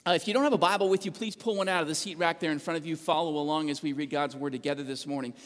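Earnest pastor preaching in a reverberant church. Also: male voice, on the high side, fairly even intonation, rapid-fire. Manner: earnest preaching with filler words and restarts, reading scripture aloud. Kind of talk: sermon. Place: church sanctuary. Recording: long reverb of a church hall.

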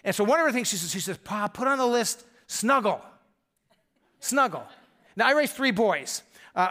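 An older man, a grandfather, preaching a sermon in a conversational, storytelling way that often drops to soft, intimate tones. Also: extremely high pitch. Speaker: pastor.

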